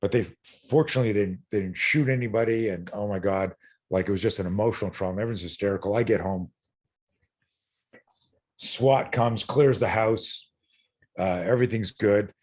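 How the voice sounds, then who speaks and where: A middle-aged self-defense instructor tells a personal story as a podcast guest, blunt and earnest, cursing freely and tripping over repeated words. His lowish, slightly mellow voice moves at normal speed with frequent pauses.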